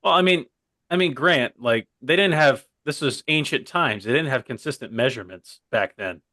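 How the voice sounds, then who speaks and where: A man's voice: mid-range voice, animated, moderate pace, sharp tone, dry recording, clean studio sound. Rambling young man on a podcast. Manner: rambling, digressive, keeps saying "by the way". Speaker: co-host. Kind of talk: casual comedy podcast chat.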